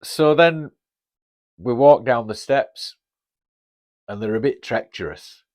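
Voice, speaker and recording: A man's voice: medium pitch, slow pace. A man in his fifties with a Northern English accent, telling a casual story on his podcast in a chatty, blunt way and swearing freely. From Northern England. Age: 50s. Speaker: podcast host.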